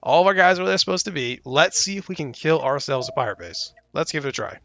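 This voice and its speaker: A young man talks over his own gameplay from a home desk mic, excitable and quick to get exasperated. His voice sits a little high and comes across bright and forceful, jumping up when he pleads with the screen. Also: creaky, dry recording, muffled recording. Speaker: gaming YouTuber. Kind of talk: casual gameplay commentary.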